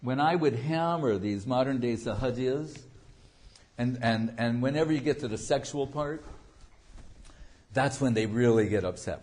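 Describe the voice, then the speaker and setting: A man's voice: mid-range voice, normal speed, a little mellow. A man giving an informal devotional talk as a spiritual teacher, a digressive storyteller who jokes and acts out quotes. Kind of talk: informal devotional lecture with anecdotes.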